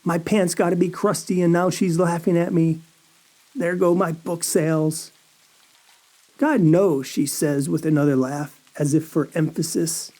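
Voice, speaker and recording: A man narrating a first-person horror story in a slow, brooding, anxious way. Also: on the high side, little pitch movement, mellow.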